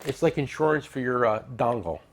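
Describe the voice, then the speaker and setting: A middle-aged man hosting a tool show, chatting casually and joking as he pitches products and tells stories. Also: lively intonation, a little fast, creaky, a little hiss or hum. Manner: joking, rambling, salesy with asides. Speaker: tool dealer and show host. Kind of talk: casual product talk and storytelling.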